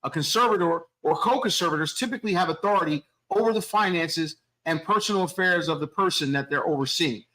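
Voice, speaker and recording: A man co-hosting a podcast, explaining in a measured way during a casual debate, with a wry edge. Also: fairly high pitch, sharp tone, poor audio. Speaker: podcast co-host.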